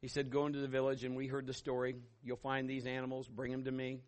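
A middle-aged man preaching a sermon as pastor, telling stories and acting out voices with sudden loud bursts. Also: medium pitch, completely flat delivery, fast talker.

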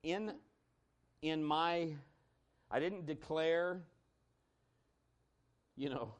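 A male pastor preaching a sermon, telling a personal story in a conversational, animated way that swings between loud and hushed. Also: on the high side, slow, pauses often.

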